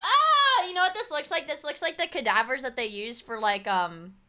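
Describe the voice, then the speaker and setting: Excitable high-voiced woman streamer. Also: brisk. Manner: excitable, swears, shrieks thanks at viewers. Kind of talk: casual live-stream reaction chat.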